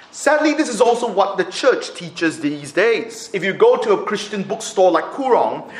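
A man preaching a sermon, acting out quotes with laughs. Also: sits high. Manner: animated, acts out quotes with laughs. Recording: echoey room.

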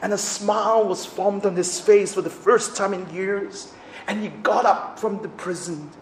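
A man preaching a sermon in an auditorium, swinging between loud emphasis and hushed, drawn-out phrases. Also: on the high side. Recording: roomy echo, faint background noise.

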